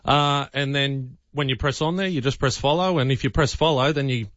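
A man's voice: medium pitch, brisk, a bit bright, dry recording. A man with an Australian accent chatting on air with the host, joking and playfully defensive. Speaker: radio regular and podcast host. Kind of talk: casual radio chat. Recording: slightly dull broadcast audio.

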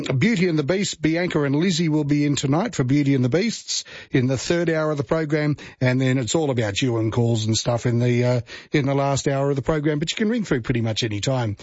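An Australian man hosting a radio show, chatting casually with a slightly husky voice. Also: fairly high pitch, dry recording, dull audio. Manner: chatty, joking, relaxed. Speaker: radio host. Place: radio studio. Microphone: studio mic.

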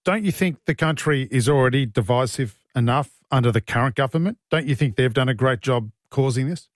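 A man's voice: medium pitch, no room sound, clean studio sound. Chatty male talkback radio host. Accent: Australian. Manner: chatty, joking, quick to laugh. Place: radio studio.

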